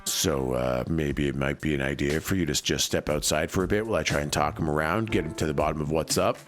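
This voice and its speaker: A man voicing a dry, deadpan detective cat with a lowered voice. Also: quick pace, over music.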